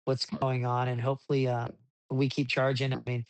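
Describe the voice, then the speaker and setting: A man telling racing stories in a casual interview, rambling with many restarts and getting animated as he recounts events. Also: mid-range voice, moderate pace, clean tone, dry recording. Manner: rambling with frequent restarts, animated when retelling. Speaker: desert racing driver, podcast guest.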